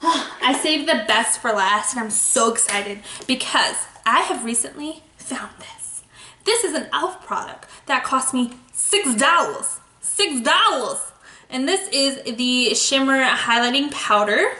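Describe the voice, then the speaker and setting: A young woman chats her way through a makeup tutorial with a bright, forceful voice pitched a little high. She jokes at her own expense as she goes. The sound bounces around an echoey room at home. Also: slow pace. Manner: chatty, playful, self-mocking asides. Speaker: beauty vlogger.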